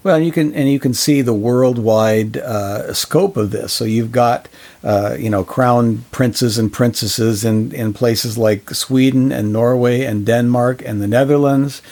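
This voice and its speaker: A man's voice: medium pitch, steady tone, measured pace, a little mellow. A man co-hosting a podcast in casual discussion, speaking earnestly with many fillers and restarts. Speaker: podcast co-host.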